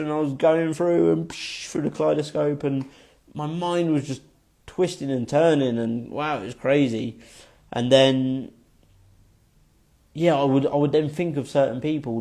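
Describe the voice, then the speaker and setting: Young guy, warm relaxed tone, casual rambling storyteller with lots of fillers. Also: a little high. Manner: rambling, full of fillers and swearing. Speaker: vlogger.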